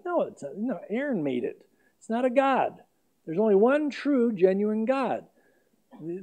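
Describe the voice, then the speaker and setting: A man preaching in a fairly high, mellow voice. He talks emphatically, drawing out the scripture verses slowly for weight. A pastor teaching verse by verse. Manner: emphatic, slows down to stress scripture readings. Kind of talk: expository sermon.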